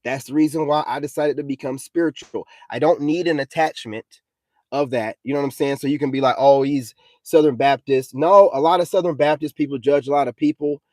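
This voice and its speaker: A man's voice: medium pitch, a little fast, a little mellow, no room sound. A young adult man ranting in a combative, preachy vlog monologue, repeating himself and often asking "you know what I'm saying". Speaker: self-styled spiritual vlogger.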